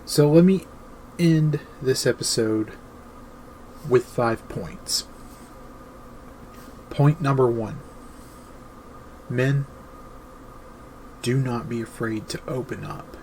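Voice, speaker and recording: Man hosting his own show, slow earnest advice, faint bug buzz behind. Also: medium pitch, darkish tone, a little hiss or hum, poor audio. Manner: earnest, emphatic, deliberate. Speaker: host.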